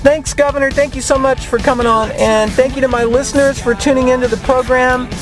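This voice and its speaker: A woman's voice: high-pitched, fairly even intonation, fairly quick, music in the background. A woman talk radio host interviewing a guest in a comedy sketch, mock-polite and teasing.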